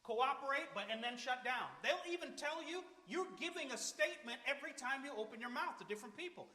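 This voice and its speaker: A high-pitched man delivers an earnest, conversational sermon with a bright, forceful edge. His voice rings around an echoey church hall with a long reverb tail. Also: animated, fairly quick. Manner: earnest, emphatic, conversational preaching. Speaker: preacher. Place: church sanctuary.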